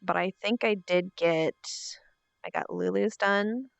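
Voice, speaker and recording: A woman's voice: mid-range voice, takes it slowly, creaky, no echo. A woman streamer chatting casually, narrating to herself what she is doing while she waits for someone. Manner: thinks aloud while waiting, chatty self-narration. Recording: dull lo-fi stream audio with faint music.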